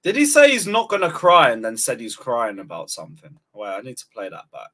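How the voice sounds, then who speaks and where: A man's voice: mid-range voice, huge pitch swings, brisk, sharp tone. A man streaming live, reading super chats in a mocking, tired way. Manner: mocking, tired, says he is exhausted. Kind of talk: casual live-stream chat.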